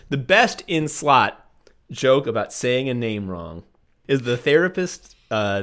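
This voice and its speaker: A man's voice: lowish voice, a bit bright. A man co-hosting a casual comedy podcast, ranting and swearing with mock voices, laughing often as he talks. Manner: laughs often while talking. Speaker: podcast co-host.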